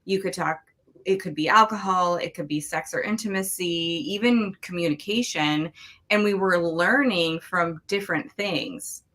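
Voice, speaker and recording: A woman's voice: on the low side, normal speed, fairly bright tone. A woman in her forties, a relationship coach, speaking earnestly and frankly in an interview. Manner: earnest, reflective, frank about intimacy. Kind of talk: candid interview talk.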